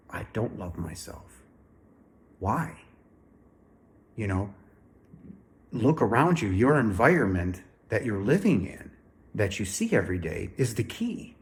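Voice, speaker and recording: A man's voice: medium pitch, very animated, measured pace, pauses often, darkish tone. A man speaks to his viewers in an earnest, emphatic manner, leaning on repetition and direct address. His delivery is heartfelt and insistent. He is still slightly under the weather. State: a little sick. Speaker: spiritual speaker. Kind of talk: earnest direct-to-camera talk.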